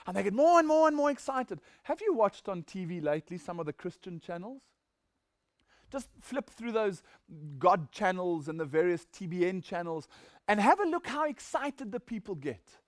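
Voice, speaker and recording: A man's voice: high-pitched, sing-song, normal speed, dry recording, studio quality. A man preaching a sermon, reading scripture and asking rhetorical questions with mocking asides.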